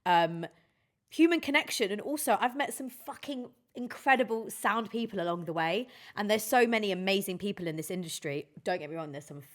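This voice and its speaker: A woman's voice: mid-range voice, expressive, fairly quick. A woman, a DJ chatting candidly and emotionally on a podcast, swearing freely. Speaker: DJ and guest. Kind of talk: casual podcast chat.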